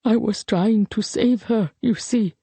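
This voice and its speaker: A narrator voicing a guilt-ridden elderly man who pleads in a shaky, rasping, halting voice. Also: medium pitch, mellow, no room sound. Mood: pleading.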